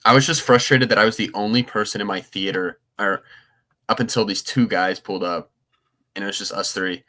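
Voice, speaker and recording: A man's voice: on the low side, steady tone, a little fast, sharp tone. A young man co-hosting a podcast, chatting casually and rambling with frequent restarts. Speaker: podcast co-host. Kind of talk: casual chat.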